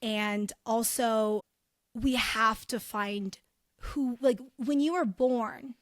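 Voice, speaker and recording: A woman co-hosting a faith podcast, sharing her thoughts in a reflective, unhurried way. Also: on the high side, no room sound, studio quality. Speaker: podcast co-host. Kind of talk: candid faith podcast conversation.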